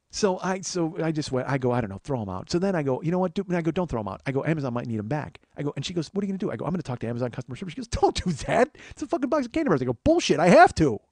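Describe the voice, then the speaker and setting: A man's voice: on the high side, animated, racing, hardly any pauses, a little mellow, no echo, clean studio sound. A man hosting a podcast, telling a comedic story as a profane, exasperated rant. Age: 40s. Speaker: podcast host.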